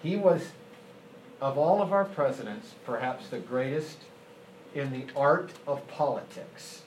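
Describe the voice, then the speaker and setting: A man's voice: medium pitch, expressive, measured pace, a little mellow, echoey room, slight background noise, poor audio. A male history teacher giving a casual classroom lecture, telling a story with many fillers and restarts.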